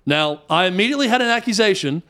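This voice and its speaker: A high-pitched man in his thirties tells a long story in a casual chat. He talks in an animated way and jumps up in pitch whenever he acts out the people in it. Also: fast talker. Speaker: youth basketball coach telling a story.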